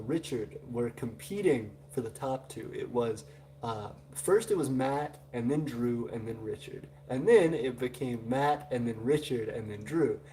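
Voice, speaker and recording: A man's voice: medium pitch, dark tone, slight background noise. A man with a Southern US accent, hosting a live stream and chatting loosely through viewer comments with many filler sounds. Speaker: livestream host. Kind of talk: casual live chat reading viewer comments.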